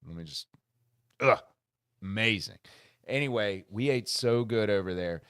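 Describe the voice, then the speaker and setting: An American man hosting a casual podcast, telling a funny travel story and reading trivia questions, animated and laughing often. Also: fairly low pitch, unhurried, clear, resonant tone, dry recording, studio quality. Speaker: podcast host. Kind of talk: casual chat and trivia quizzing. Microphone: studio microphone.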